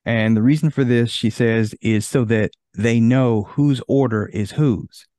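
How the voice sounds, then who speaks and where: A man's voice: mid-range voice, a little slow, mellow, no room sound, studio quality. A man hosting a podcast in casual chat, easygoing and reading from an article. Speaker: podcast host.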